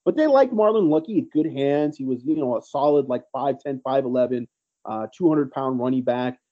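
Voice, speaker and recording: A man's voice: mid-range voice, moderate pace, muffled recording. A man co-hosting a casual sports podcast, telling recruiting stories in a rambling, teasing way. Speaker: podcast co-host, recruiting analyst.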